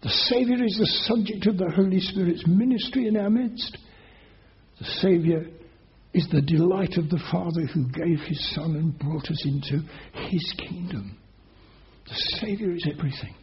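A man's voice: high voice, moderate pace, muffled recording. A man preaching a sermon as pastor, earnest and emphatic, pressing his listeners with rising questions.

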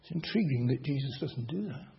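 A man preaching a sermon slowly and deliberately, asking the congregation rhetorical questions. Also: medium pitch, expressive, vocal fry. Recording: dull lo-fi recording.

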